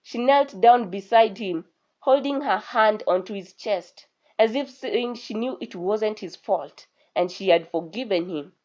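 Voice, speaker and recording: A woman storyteller giving an expressive, scripted narration of a folk tale. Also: mid-range voice, a little slow. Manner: expressive reading. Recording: dull lo-fi recording.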